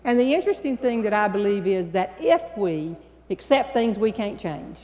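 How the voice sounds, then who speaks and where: A woman with a Southern American accent, a humorist telling a story to a live audience, with a folksy, drawn-out delivery and deliberate pauses. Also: medium pitch, expressive, a little mellow. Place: large hall before a live audience. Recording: long reverb in a large hall.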